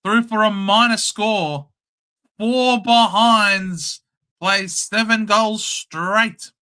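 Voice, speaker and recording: Excitable Australian man calling a match. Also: sits high, drawn-out words. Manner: chatty, excitable, blunt. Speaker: host. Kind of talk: casual live match commentary.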